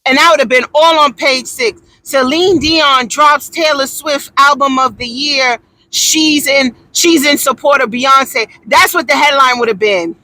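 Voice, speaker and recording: A woman giving a loud, theatrical, profane comedic rant, indignant and often yelling. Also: high-pitched, measured pace, dry recording. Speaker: vlogger.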